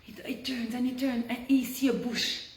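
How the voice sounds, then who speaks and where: A woman teaching a Torah lesson on a video call. She tells the story with animated energy and drops to a hush when the tension rises. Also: fairly high pitch, normal speed, slight background noise. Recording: roomy echo.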